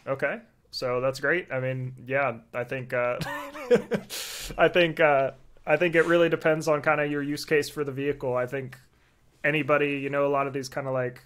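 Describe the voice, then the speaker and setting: A male podcast co-host explaining things in casual chat. He keeps a relaxed, easygoing manner and uses plenty of fillers. His voice sits at a middling pitch. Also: normal speed.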